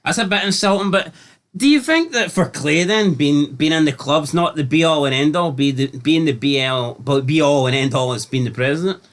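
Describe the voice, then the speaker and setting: A man co-hosting a casual review podcast, relaxed and asking probing questions. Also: on the high side, moderate pace. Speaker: podcast co-host.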